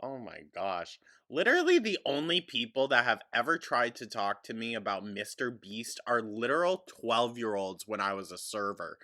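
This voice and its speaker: A man's voice: mid-range voice, big pitch swings, moderate pace, hardly any pauses, sharp tone. A man hosting a mocking reaction commentary, sarcastic and snarky, often breaking into laughter. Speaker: commentary host.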